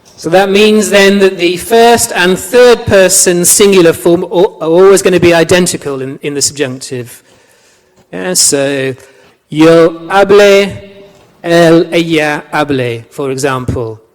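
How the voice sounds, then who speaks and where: Guy lecturing a class, kinda high voice, chatty, keeps asking the room stuff, hall echo. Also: a little slow. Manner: chatty, repeats words, asks the class questions. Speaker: language lecturer. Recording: long reverb of a lecture hall.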